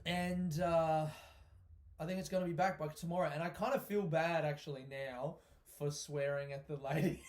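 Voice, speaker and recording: Sweary animated man. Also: on the high side, moderate pace. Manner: animated, heavy swearing, frequent laughter. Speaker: stand-up comedian hosting his own podcast. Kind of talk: casual solo podcast monologue.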